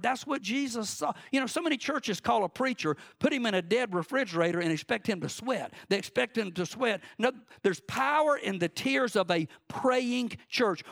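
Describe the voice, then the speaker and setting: A man's voice: high voice, vocal fry, fairly bright tone. A man preaching a sermon, in an impassioned, rising and falling preaching cadence. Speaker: pastor.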